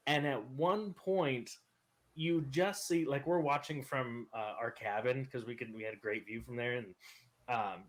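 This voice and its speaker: A bright, clear man's voice at an ordinary pitch, chatting easily with friends. He tells his story in a loose, animated way and laughs at his own punchlines. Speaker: podcast panelist. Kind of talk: casual storytelling.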